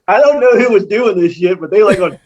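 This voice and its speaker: Rambling high-voiced guest from Texas. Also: male voice, animated, fast, a little mellow, highs cut off. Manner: rambling, heavy on fillers, laughs often. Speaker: podcast guest. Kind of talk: casual chat.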